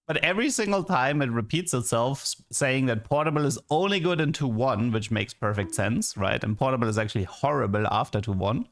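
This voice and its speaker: A man's voice: mid-range voice, animated, fairly quick, creaky, hardly any pauses, a bit bright. A man streaming games and ranting in a casual, exasperated way, full of restarts and "like". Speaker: game streamer. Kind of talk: casual livestream commentary.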